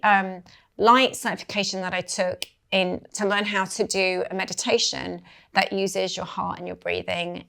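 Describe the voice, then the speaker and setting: A middle-aged woman with an English accent, a native Maltese speaker, chatting as a guest coach with animated storytelling. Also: on the low side, vocal fry. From England. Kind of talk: conversational interview.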